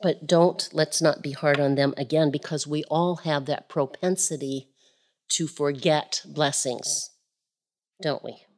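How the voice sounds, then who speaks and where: A woman preaching a Pentecostal sermon, expressive, swinging from shouts to quiet asides. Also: low voice, unhurried.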